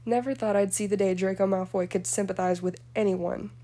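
A woman's voice: medium pitch, fairly even intonation, brisk, warm tone, close to an everyday voice. A woman reading a story aloud and voicing a spiteful, mocking young witch with a sneering, sarcastic delivery.

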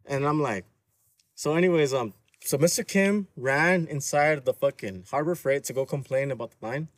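A man's voice: mid-range voice, moderate pace, no echo. A man telling a profane, slangy story in casual chat.

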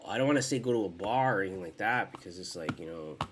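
Young man, low voice, casual profane rambling, frequent restarts, home podcast, faint hiss behind. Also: lively intonation, quick pace, a bit bright. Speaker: podcast host.

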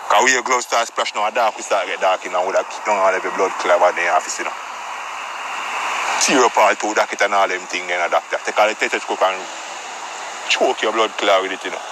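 A man's voice: low-pitched, quick pace, background noise. A man with a Jamaican patois accent telling a comic story as a brash, profane tough guy.

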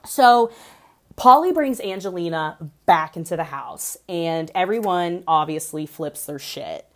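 A young woman chats through a reality TV recap in a loose, gossipy way. Her talk is animated and peppered with "like" as she dishes on every twist. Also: on the low side, measured pace. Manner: gossipy, animated, heavy use of "like".

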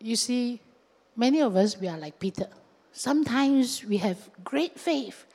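A woman pastor preaches with lively, animated delivery, often dropping into little acted-out voices and local fillers. Her voice sits a bit high, and it rings with the long reverb of a large hall. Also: measured pace. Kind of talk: sermon.

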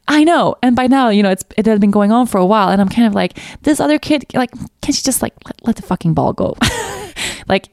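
A woman hosting a podcast, talking through her thoughts in a candid, reflective monologue, laughing often and growing animated as she retells stories. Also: fairly high pitch, moderate pace, dry recording, studio quality. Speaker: podcast host.

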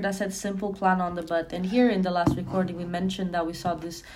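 A woman's voice: on the low side, steady tone, brisk, hardly any pauses, darkish tone, a little hiss or hum. A woman hosting a comedy podcast, reading fanfiction aloud in a dramatic, swear-filled way. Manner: swears freely, reads dramatically and laughs often.

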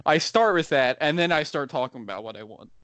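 A man's voice: fairly high pitch, expressive, fairly quick, fairly bright tone, clean tone, no room sound. A young man co-hosting a casual podcast with friends, laughing often and restarting his sentences as he rambles. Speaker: podcast co-host. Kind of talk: casual chat.

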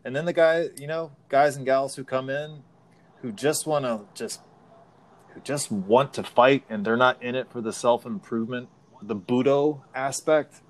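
A man's voice: mid-range voice, moderate pace. A middle-aged man, a martial arts instructor, talking frankly and plainly in a casual podcast chat.

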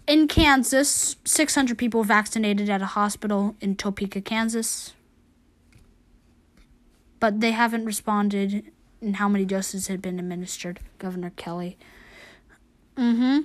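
A woman's voice: mid-range voice, steady tone, unhurried, long pauses. A woman hosting an amateur news show, reading long lists casually and correcting her own slips as she goes.

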